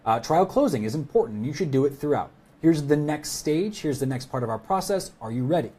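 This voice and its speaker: Man, relaxed sales trainer, loose and chatty, soft husky tone. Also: a little high, brisk. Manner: conversational, many fillers and restarts. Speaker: sales expert guest. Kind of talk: casual webinar teaching.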